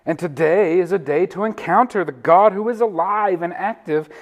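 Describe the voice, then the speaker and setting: A male pastor delivers a sermon in a fairly high voice. He chuckles between phrases and leans on single words for stress. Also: normal speed. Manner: warm, laughs often, stresses words.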